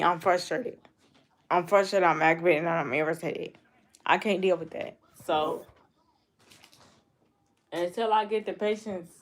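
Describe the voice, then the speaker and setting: Young woman in her 20s on a stream, aave, low-ish voice, blunt and repetitive, talking back to chat. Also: fairly bright tone. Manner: blunt, repetitive, talks straight back to commenters. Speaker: YouTube streamer. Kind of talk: casual live-stream chat with viewers.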